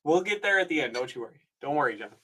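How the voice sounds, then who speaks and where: A man's voice: a little high, big pitch swings, very fast, a bit bright, slight background noise, low-quality recording. A man auctioneering on a live stream from home, chatty and easygoing, with plenty of filler ums. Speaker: online auctioneer.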